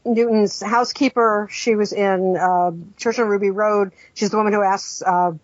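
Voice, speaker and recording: A woman's voice: medium pitch, fairly even intonation, normal speed, no echo, dull audio. A woman co-hosting a podcast, talking thoughtfully with frequent hesitations. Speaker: podcast co-host. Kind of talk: casual discussion.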